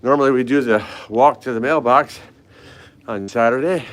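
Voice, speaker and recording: This older fitness vlogger hosts a relaxed live-stream walk through hotel hallways and stairwells, saying hello to viewers by name. Climbing stairs has left him a little out of breath. He speaks at a moderate pace in a medium-pitched, slightly bright voice.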